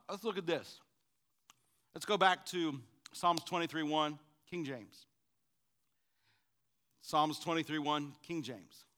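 A man preaching a sermon in call-and-response style, swinging from loud fervent bursts to quiet asides. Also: on the high side.

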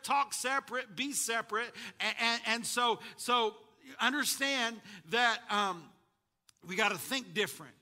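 A man preaching a sermon, calling out to his congregation and building to shouts at the high points. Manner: call-and-response preaching to a congregation. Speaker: pastor.

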